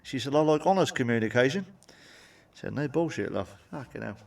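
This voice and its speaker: Sweary comedian, a bit off-mic. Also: male voice, mid-range voice, expressive, brisk, gravelly, recorded from a distance. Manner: blunt, sweary, cheeky jokes with tag questions. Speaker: stand-up comedian. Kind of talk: stand-up joke monologue.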